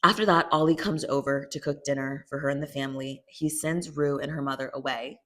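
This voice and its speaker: A young woman with a notably low, deep voice walks through a TV season in a loose, chatty recap. She peppers everything with "like" and slips into quick impressions of the characters. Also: fairly even intonation, fairly bright tone. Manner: chatty, acts out quotes with "she's like". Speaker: show recapper. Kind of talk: casual recap narration.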